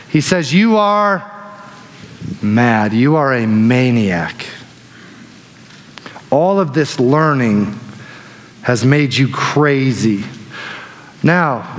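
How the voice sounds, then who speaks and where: Guy pastor preaching, goes loud then hushed, slightly high voice, long church reverb. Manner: animated storytelling, swings between loud and hushed. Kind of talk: sermon.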